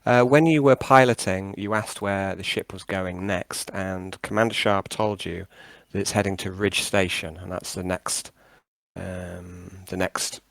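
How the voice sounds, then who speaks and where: A man's voice: low voice, fairly even intonation, measured pace, gravelly, a bit bright, no room sound. A man running a tabletop game over a call, rambling and hesitant with many fillers and restarts. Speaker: game master.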